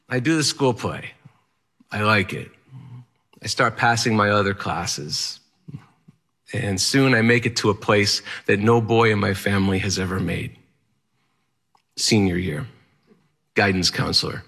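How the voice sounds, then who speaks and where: A man's voice: fairly low pitch, a little slow, gravelly, long pauses, fairly bright tone, husky. A man telling a personal story in the first person, candid and wry, in a matter-of-fact manner.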